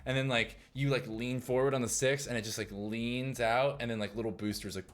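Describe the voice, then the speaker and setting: A man's voice: medium pitch, fairly even intonation, fairly quick. A man narrating as game master of a sci-fi tabletop game, casual and full of fillers and sound effects.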